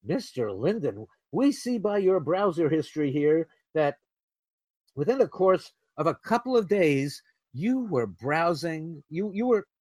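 A stern male government interrogator grills his suspect with slow, accusing questions, as a man puts him on. The voice sits fairly high and sounds close and dry. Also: no room sound, exaggerated voice.

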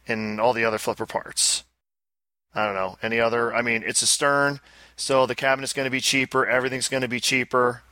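On a laid-back podcast, a co-host jokes and wanders through talk of pinball machines, firing off fast asides. He speaks at medium pitch in a pushed, bright way, recorded without echo.

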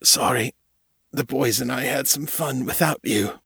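A man's voice: medium pitch, unhurried, gravelly, fairly bright tone, breathy edge, no echo, pitched above the performer's own voice, full character voice. A man voicing a wounded, weary man who speaks faintly and shakily with wry understatement. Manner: faint, shaky, dry understatement.

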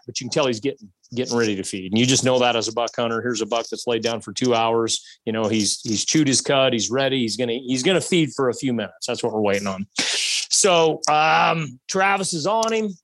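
A man telling a hunting story in a casual, animated way, acting out shots and bits of dialogue. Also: mid-range voice, dry recording.

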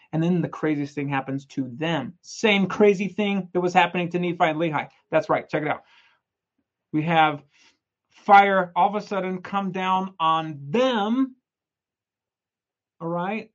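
A young man giving a casual, energetic scripture lesson, retelling stories in a chatty, playful way. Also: high voice, unhurried, dull audio. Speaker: scripture study presenter.

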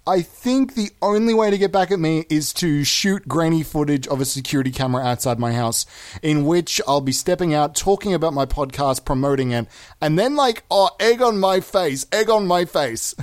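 A young man hosting a comedy podcast, improvising prank calls in a manic way that swings between loud outbursts and low mumbles. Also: lively intonation, normal speed, no echo, studio quality.

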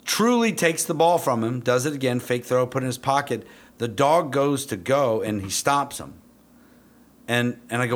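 A middle-aged man who trains police dogs, telling a story in a blunt, profane, casual way and jumping into animated quotes of himself. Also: medium pitch, moderate pace.

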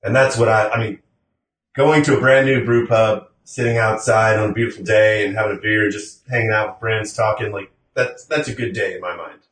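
A man's voice: lowish voice, steady tone, brisk, a bit bright, recorded from a distance. A Midwestern American man co-hosting a podcast in casual chat, laid-back and trailing off with fillers. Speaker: podcast co-host. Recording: roomy sound from off-mic.

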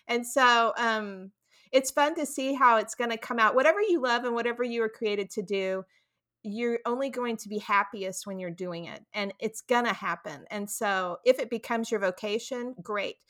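A woman's voice: on the high side, moderate pace, a bit bright. A middle-aged woman from Texas, a guest on a podcast interview, telling stories and acting out her own quoted lines. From Texas, USA. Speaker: guest author.

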